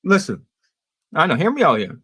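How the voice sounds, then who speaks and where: A man's voice: a little high, huge pitch swings, sharp tone, breathy edge, no echo. A man hosting a casual podcast chat. He swears freely and tells stories about himself with a self-mocking edge. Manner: swears freely, quick self-deprecating storytelling. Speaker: podcast host and streamer.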